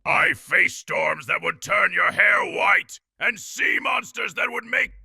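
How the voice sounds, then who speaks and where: An AI-generated male voice playing a boastful old sea pirate captain, bellowing in a gravelly, raspy voice with a dramatic, drawn-out delivery. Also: medium pitch, expressive, pushed and bright, dry recording, shouting, clean studio sound, exaggerated voice. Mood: boasting.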